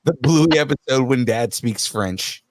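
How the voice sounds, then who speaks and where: A man co-hosting a nerdy pop culture podcast, his pitch swinging widely as he jokes around. He laughs at his own gags and keeps the talk loose and playful. The sound is dry and close. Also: expressive, measured pace, no room sound. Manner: jokey, laughs often at his own bits. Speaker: podcast co-host. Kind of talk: casual joking podcast chat.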